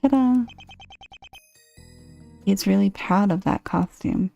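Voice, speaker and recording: A woman reading a dating game's text aloud, with dry, deadpan asides. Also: fairly low pitch, normal speed, gravelly, highs cut off, faint music behind.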